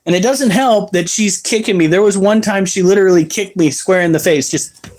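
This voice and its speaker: A man's voice: high-pitched, brisk, a little mellow. Chatty young man talking pets. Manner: rambling, chatty, explains pet care. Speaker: exotic pet streamer. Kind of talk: casual live-stream chat.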